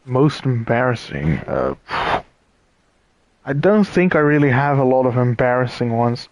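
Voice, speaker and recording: A tired man comments casually on a puzzle game as he plays. He talks slowly with many pauses, thinks aloud and chats to his viewers. His voice sits mid-pitch and sounds dry and close to the mic. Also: lively intonation, no room sound. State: tired and yawning. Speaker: streamer playing a puzzle game. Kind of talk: casual let's-play commentary.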